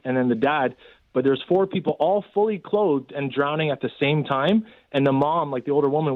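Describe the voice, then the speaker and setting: A man's voice: medium pitch, no room sound. A man in casual storytelling, rambling with many fillers as he recounts events. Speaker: guest telling a rescue story. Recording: tinny phone line.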